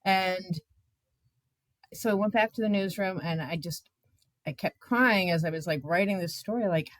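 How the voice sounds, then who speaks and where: Woman in her fifties, journalist guest; lowish voice, dry close sound, animated and emotional storytelling, lots of "you know". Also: normal speed, no room sound. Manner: animated, emotional, many filler words. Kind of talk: candid conversational storytelling.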